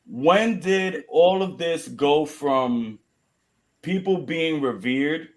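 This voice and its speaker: A man's voice: fairly high pitch, lively intonation, extremely slow. A man from Rico, hosting a casual chat, blunt and swearing now and then. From Puerto Rico.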